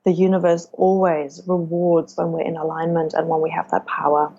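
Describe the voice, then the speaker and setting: A woman's voice: low-pitched, little pitch movement, normal speed, mellow, muffled recording. A woman guest on a podcast, telling personal stories in a reflective, spiritual way. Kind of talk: personal storytelling in conversation.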